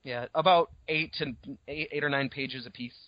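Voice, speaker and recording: A man co-hosting a podcast, talking casually about a novel, swearing now and then and throwing in quick asides. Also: medium pitch, steady tone, dry recording, highs cut off. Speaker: podcast co-host. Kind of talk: casual book discussion.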